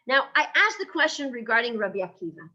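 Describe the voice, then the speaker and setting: A woman teaches a class in a high, animated voice that swoops up and down as she drives her points home. She keeps checking in with her listeners with rhetorical questions and slips Hebrew terms into her English. Her tone is bright and forceful, heard through dull, lo-fi online-class audio. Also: fast. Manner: engaging, asks rhetorical questions with frequent "right?". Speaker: teacher of a Jewish ethics class. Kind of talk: lively lecture.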